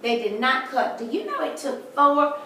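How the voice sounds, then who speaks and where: Woman tour guide, slightly high voice, chatty and folksy, heard from a distant camera in a very echoey room. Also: huge pitch swings, moderate pace, sharp tone, a little hiss or hum. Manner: chatty, folksy storytelling with jokes. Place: indoors in a large historic house.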